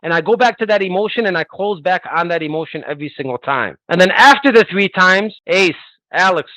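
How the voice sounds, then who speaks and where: Fast, high-voiced man coaching sales. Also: no room sound, low-quality recording. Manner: energetic, persuasive, role-plays sales calls.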